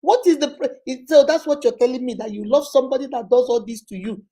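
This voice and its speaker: A woman's voice: on the high side, quick pace, mellow. A Nigerian woman, a relationship counselor and host, telling a story and probing by repeating a person's words back in long lists. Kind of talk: storytelling advice talk.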